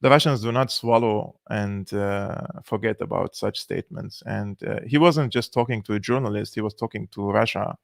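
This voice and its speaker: A man's voice: fairly low pitch, moderate pace, vocal fry, few pauses, dry recording, clean studio sound. A man hosting a political commentary channel, talking casually and sarcastically with many fillers. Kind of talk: casual commentary on played clips.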